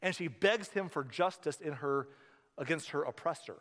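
A male pastor preaching a sermon in a church, conversational and animated, telling stories with asides. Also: on the high side, normal speed. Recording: reverberant hall.

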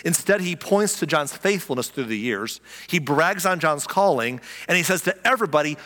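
A man preaching a sermon as pastor, animated and conversational, repeating key lines for emphasis. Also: fairly high pitch, a little fast, long reverb tail.

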